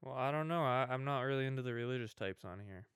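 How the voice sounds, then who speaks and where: A man's voice: mid-range voice, fast talker, fairly bright tone, clean tone, no room sound. A man co-hosting a comedy podcast in casual chat, dry and laid-back. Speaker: podcast co-host.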